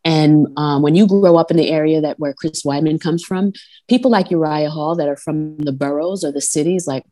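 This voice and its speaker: Brief: low-pitched New York woman, brash and profane, fight-show co-host on a call. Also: moderate pace, mellow. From Long Island, New York. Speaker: podcast co-host. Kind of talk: casual fight-talk chat. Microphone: phone or remote call.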